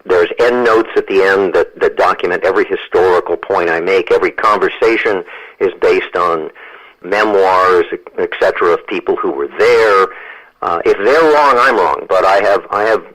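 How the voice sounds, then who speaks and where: A man's voice: sits low, moderate pace, a bit bright, rough recording. A man in his sixties, a guest author and lawyer, talking emphatically in a radio interview and often repeating words as he goes.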